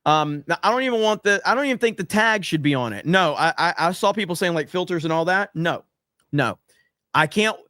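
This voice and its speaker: Brash American male host, slightly high voice, dry close sound, swears freely. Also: expressive, brisk, sharp tone, dry recording. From United States. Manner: brash, profane, emphatic. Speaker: podcast host reading super chats. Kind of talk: casual livestream chat.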